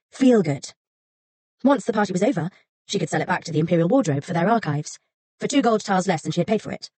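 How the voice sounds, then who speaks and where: A woman reading an audiobook as narrator, in a measured, softly breathy way. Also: lowish voice, dry recording. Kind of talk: scripted narration.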